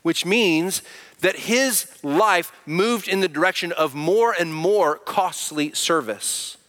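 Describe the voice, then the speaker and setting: A man's voice: sits high, takes it slowly, fairly bright tone, in a large hall. A pastor preaching a sermon in an earnest, conversational way, putting direct questions to his congregation. He mentions that he can sound angry when he is not.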